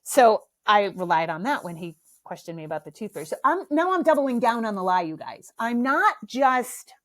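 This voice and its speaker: Brief: middle-aged woman, podcast host, casual comic storyteller, animated and self-mocking. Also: fairly high pitch, moderate pace.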